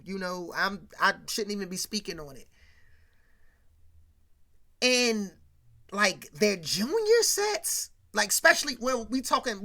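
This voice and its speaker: A commentator recapping an old sitcom episode in a casual, slangy, rambling way, talking straight to the audience and growing more animated when retelling scenes. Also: medium pitch.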